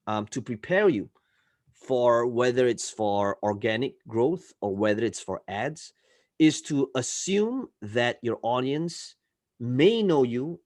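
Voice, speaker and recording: A man's voice: medium pitch, no echo. Dry-sounding male coach teaching live online. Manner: frequently checks in with listeners, swings between loud and soft. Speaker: marketing coach.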